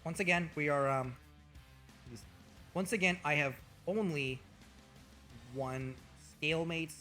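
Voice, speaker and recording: A man's voice: fairly high pitch, slow, sharp tone, faint music behind. A man streaming as a VTuber, talking in a loose, profane, mock-boastful way to his chat. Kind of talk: casual livestream commentary.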